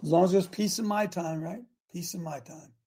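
An older man hosting a talk show, preaching in an impassioned, repetitive way full of rhetorical questions, with a raspy voice. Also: high voice, fairly even intonation, fairly quick, a little mellow. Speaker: host.

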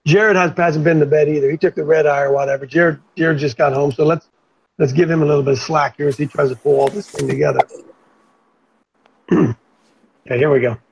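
A man's voice: fairly high pitch, fairly quick, long pauses, background noise. A man hosting a show, chatting casually in upbeat banter. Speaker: show host. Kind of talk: casual chat. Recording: dull lo-fi audio.

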